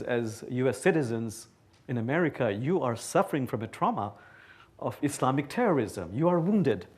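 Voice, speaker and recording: A man from Bangladesh, giving an animated, playful public lecture to a live audience. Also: mid-range voice. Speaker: guest speaker. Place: talk before a live audience.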